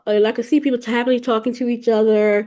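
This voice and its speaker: This woman talks fast in a fairly high, level voice with a dark tone. Hosting her podcast, she casually recounts a spiritual vision, rambling, repeating words and starting sentences over.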